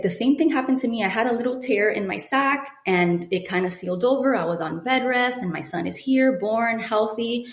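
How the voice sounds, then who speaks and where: A woman in her thirties appears as a podcast guest, sharing a personal story with lively delivery and acting out other people's words. Her pitch is medium, and the room sounds echoey.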